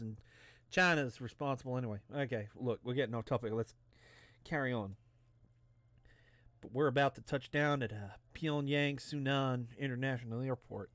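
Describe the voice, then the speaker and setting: A man's voice: mid-range voice, normal speed, fairly bright tone, dry recording. A tipsy man gives a rambling, profane and jokey let's play commentary. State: tipsy from drinking.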